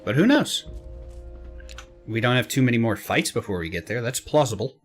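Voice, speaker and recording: A man's voice: mid-range voice, lively intonation, moderate pace, faint music behind. A man hosting a let's play, reading game text aloud and reacting with chatty, casual asides. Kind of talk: casual gameplay commentary.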